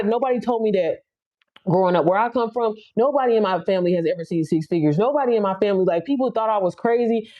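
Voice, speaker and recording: Fast-talking blunt woman hyping up viewers. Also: a little high, mellow, dull audio. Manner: blunt, profane, hype-up preaching. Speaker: live stream host, business coach. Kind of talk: casual motivational live chat.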